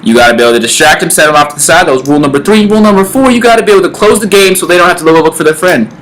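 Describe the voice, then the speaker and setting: On a low-quality recording with a little hiss or hum, a young man talks very fast in an expressive, slightly high and slightly bright voice. Hosting a casual comedy vlog, he explains dating rules in laid-back bro talk full of fillers and acts out little scenes.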